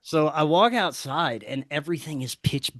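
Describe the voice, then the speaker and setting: A man's voice: fairly high pitch, animated, moderate pace, a bit bright, dry recording, studio quality. A man guesting on a podcast, telling a story casually and animatedly, swearing freely and acting out the dialogue.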